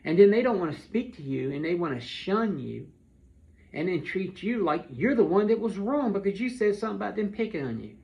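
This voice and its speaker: Man, earnest direct-to-camera monologue, pleading, gravelly, slightly high voice, dull lo-fi sound. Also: very animated, brisk. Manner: pleading and heartfelt, repeats words. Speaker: vlogger.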